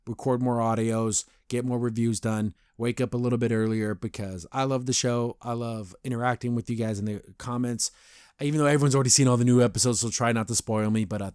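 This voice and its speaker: A man's voice: medium pitch, darkish tone, clear, resonant tone, no room sound. Guy doing a chatty review podcast, rambly, laughs a lot, dry close sound. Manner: rambling, acts out quotes, laughs often. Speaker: podcast host reviewing a cartoon episode. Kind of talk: casual review chat.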